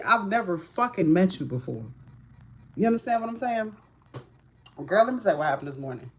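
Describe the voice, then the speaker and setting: A woman, hosting a casual livestream and telling a heated, profane story straight to her viewers. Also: fairly low pitch. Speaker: livestream host, tarot reader.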